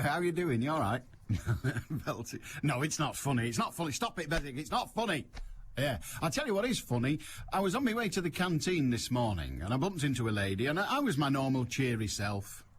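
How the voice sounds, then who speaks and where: A man's voice: medium pitch, slight background noise. A man hosting a radio phone-in show, chatting in a wry, rambling, self-mocking way. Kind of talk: casual chat on air. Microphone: studio mic.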